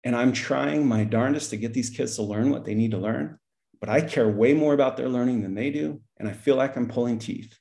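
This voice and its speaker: Man, middle-aged, gravelly voice, storytelling, acts out dialogue. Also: mid-range voice, a little fast. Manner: animated storyteller, acts out dialogue, laughs often. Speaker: podcast guest, school principal. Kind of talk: storytelling in conversation.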